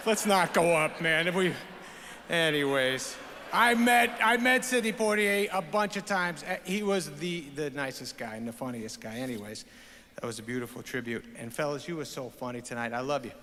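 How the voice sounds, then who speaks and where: A man's voice: fairly high pitch, expressive, normal speed, sharp tone, a little hiss or hum. A middle-aged man giving an off-the-cuff, stammering, jokey award acceptance speech on a ceremony stage. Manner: rambling, stammering, profane and jokey. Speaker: award recipient. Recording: reverberant awards hall, faint ambience.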